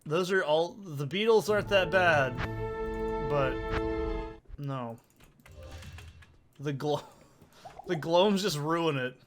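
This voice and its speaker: A young man casually commenting on his own gameplay as a let's play host, excitable and swearing often as he talks to himself. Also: on the high side, slow, long pauses, music in the background.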